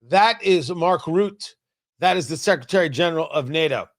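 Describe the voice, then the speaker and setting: A man hosting a talk radio show, giving emphatic, animated commentary. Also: fairly high pitch, moderate pace. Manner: animated, emphatic, mocking impressions. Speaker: radio host.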